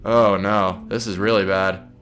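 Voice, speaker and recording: A man's voice: on the low side, level tone, unhurried, a bit bright. A man giving gameplay commentary, flustered and swearing a lot as he talks to his viewers. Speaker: let's play gamer. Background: game music.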